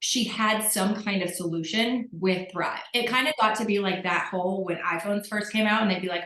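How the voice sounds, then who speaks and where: A woman's voice: medium pitch, moderate pace, fairly bright tone, echoey room, poor audio. A woman telling her story candidly on a group call, acting out what people said. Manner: candid, self-mocking storyteller who acts out quotes.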